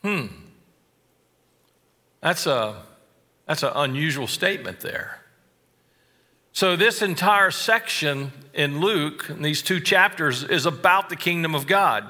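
A man preaching a sermon, slow and deliberate, stressing key phrases and adding wry asides. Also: fairly high pitch, lively intonation, bright, forceful tone, big-room sound. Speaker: pastor.

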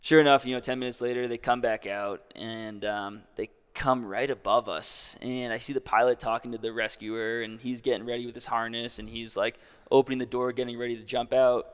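A man's voice: mid-range voice, fairly even intonation, fairly quick, clear, resonant tone, big-room sound. A young man casually telling a long story as a guest, in a laid-back way full of "like".

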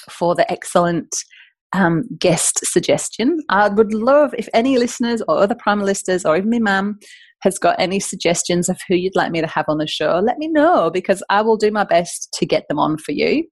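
A woman's voice: medium pitch, moderate pace, no echo. Chatty northern English woman. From north of England. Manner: chatty, animated, self-correcting. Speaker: podcast host. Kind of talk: casual podcast monologue.

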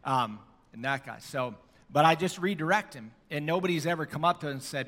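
A man's voice: fairly high pitch, a little fast, fairly bright tone, big-room sound. A middle-aged man preaching a sermon in a church, telling stories in a conversational way with fillers.

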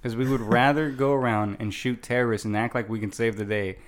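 A man's voice: medium pitch, steady tone, fairly quick. Rambling man chatting about movies. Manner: rambling, many fillers and restarts. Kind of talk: casual movie chat.

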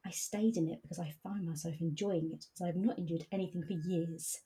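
A woman reading passages from a novel aloud and chatting about them in a measured, hesitant way. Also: fairly low pitch, steady tone, warm tone, breathy edge, low-quality recording.

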